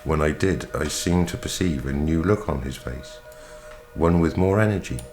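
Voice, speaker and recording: A man narrating an audiobook in the first person, with a steady, measured reading. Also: very deep voice. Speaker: audiobook reader. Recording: reading over faint background music.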